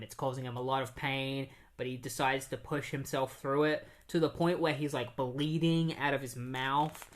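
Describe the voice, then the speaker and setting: Guy rambling through a comic recap on his podcast, lots of likes and restarts, mid pitch. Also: fairly bright tone. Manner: rambling, with many fillers and restarts. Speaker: podcast host. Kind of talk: casual comic book recap.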